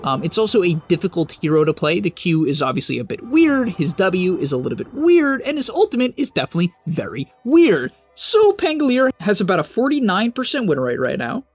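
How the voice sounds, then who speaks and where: A young man hosting a game strategy guide, talking fast and emphatically with sudden high-pitched bursts, on a close mic. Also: huge pitch swings, soft background music. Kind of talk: energetic strategy guide narration.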